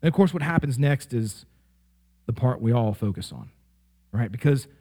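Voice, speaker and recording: A man preaching a sermon as pastor, conversational and animated, with frequent "right?" asides that check in with the congregation. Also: medium pitch, normal speed. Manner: animated, rising sharply in playful examples.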